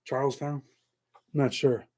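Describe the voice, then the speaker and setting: A man's voice: medium pitch, fairly even intonation, a little slow, a little mellow. A middle-aged man from New York with a Southern-tinged American accent, hosting a casual livestream and chatting loosely with viewers, thanking them by name. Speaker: host.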